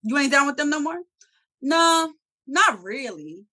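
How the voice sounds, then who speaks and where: A woman co-hosting a review show in casual chat, talking in an animated, profane way and acting out characters' lines. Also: high voice, a little slow. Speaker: TV review podcast co-host.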